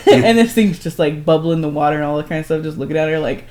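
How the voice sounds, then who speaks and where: A woman's voice: deep voice, steady tone, fast talker, few pauses, warm tone. A woman co-hosting a podcast, telling a story in casual chat, laughing often and filling her talk with "like". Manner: chatty, laughing, lots of "like". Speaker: podcast co-host.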